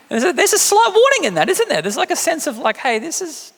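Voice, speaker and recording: Chatty, jokey preacher in a church hall. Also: male voice, wildly swooping pitch, fast, vocal fry, a bit bright. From England. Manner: conversational, jokey, acts out quotes with big pitch jumps. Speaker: pastor. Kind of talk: sermon.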